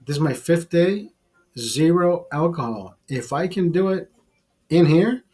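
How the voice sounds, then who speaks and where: Casting: man, slightly higher voice, loose profane livestream host riffing on whatever comes up. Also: expressive, unhurried, darkish tone. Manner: profane, rambling, laughs at his own jokes. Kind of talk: casual livestream chat. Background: bar setting.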